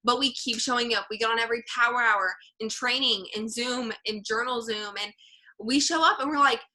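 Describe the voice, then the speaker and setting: A woman's voice: on the high side, a little fast, sharp tone, low-quality recording. A woman giving an earnest, encouraging motivational talk to her team, full of "like" fillers. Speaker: team leader.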